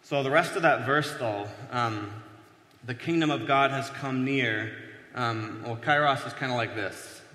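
A man with a bright, forceful voice preaches in a relaxed, chatty way, pausing on "uh" and "um" and poking fun at himself. His words ring through a large church hall, and the long reverb trails behind each phrase. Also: mid-range voice. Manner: conversational, self-deprecating, many fillers. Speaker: pastor. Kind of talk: casual sermon teaching at a whiteboard.

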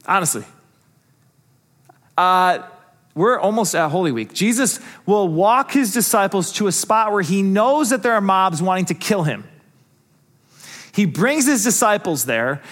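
A male pastor with a notably high-pitched voice delivers a sermon. He talks in an earnest, conversational way and keeps throwing rhetorical questions at his listeners. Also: a bit bright.

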